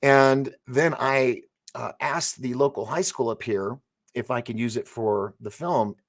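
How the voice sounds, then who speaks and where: A show host with a mid-range voice and measured pace is on a live interview program, telling long stories in casual chat. He's an animated storyteller who laughs and restarts his sentences often.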